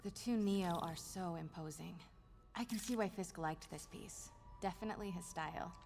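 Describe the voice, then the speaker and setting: An actress voicing a curious young female reporter in a video game, talking softly and often in hushed asides. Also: fairly low pitch, moderate pace, vocal fry, soft background music. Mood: probing. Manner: soft, often whispered asides. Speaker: game character.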